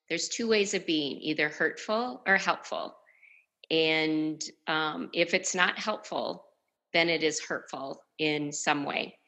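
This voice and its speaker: A woman guest on a podcast who works in education, calmly explaining her ideas. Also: fairly low pitch, low-quality recording. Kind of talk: casual conversational interview.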